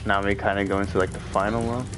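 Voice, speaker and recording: A man's voice: lowish voice, flat delivery, quick pace. A man giving casual, rambling let's play commentary, filled with "like.". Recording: game music playing underneath.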